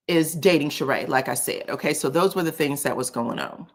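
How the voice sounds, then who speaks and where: A woman hosting a casual commentary show. She talks in a sassy, animated way, often says "child", chuckles, and uses "um". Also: sits low, normal speed. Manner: frequent chuckles and filler "um". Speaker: host of a reality TV commentary channel.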